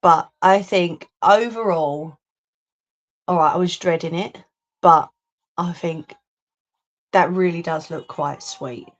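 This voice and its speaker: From an indoor craft room at home, a woman livestreams her crafting and answers viewer comments in a lowish voice, speaking slowly and pausing often. Her phone or webcam recording comes through muffled.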